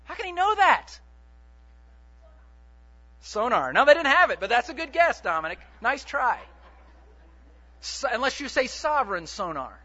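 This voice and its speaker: Male preacher, sermon, high voice, lively swooping delivery, playful questions to the congregation. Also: normal speed, husky, lo-fi sound. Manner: animated, joking, quizzes the congregation.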